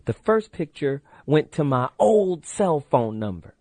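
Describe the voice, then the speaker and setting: Brief: middle-aged male radio host, animated swinging delivery, dry close studio mic, brash storyteller. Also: on the high side, measured pace, dry recording. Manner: brash, storytelling, repeats the call-in number. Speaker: radio talk show host. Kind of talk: late-night radio call-in talk. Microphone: studio microphone.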